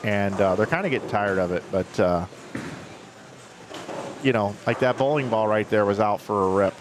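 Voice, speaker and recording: A man's voice: lowish voice, moderate pace, noisy background. A man commentating a live bowling stream, rambling through chatty stories between play calls.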